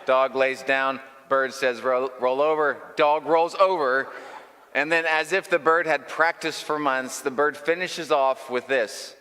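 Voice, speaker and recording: Bright, forceful male pastor in a reverberant hall. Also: a little high, unhurried. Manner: storytelling, emphatic with short punchy phrases. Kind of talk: sermon.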